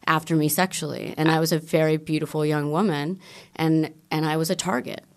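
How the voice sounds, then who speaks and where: A woman's voice: low-pitched, steady tone, brisk. A woman speaking as an author guest in a casual interview, frank and outspoken, often trailing off and restarting.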